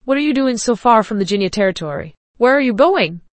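A woman's voice: fairly high pitch, expressive, quick pace, no echo, voice pushed up, natural voice. A woman reading the part of a blunt, teasing male tribesman in a spoken story.

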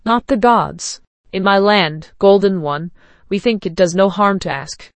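A woman's voice: medium pitch, measured pace, no room sound, close to an everyday voice. A woman reading the part of a blunt, teasing male tribesman in a spoken story.

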